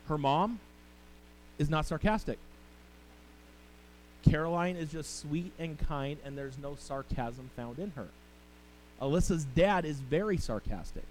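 Man, middle-aged pastor, high voice, conversational sermon, family anecdotes. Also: a little slow, pauses often, slight background noise, rough recording. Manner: storytelling, conversational with the congregation.

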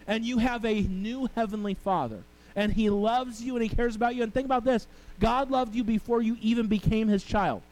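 A man's voice: sits high, moderate pace, darkish tone, rough recording. A middle-aged male pastor preaching a sermon, telling family stories and talking with the congregation. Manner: storytelling, conversational with the congregation.

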